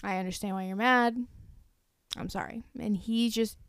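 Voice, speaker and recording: A woman's voice: mid-range voice, fairly even intonation, normal speed, smooth, no room sound. A young adult woman co-hosting a podcast, recapping a movie in casual chat and acting out the characters' lines. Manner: chatty, acts out lines, filler "like". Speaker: podcast co-host.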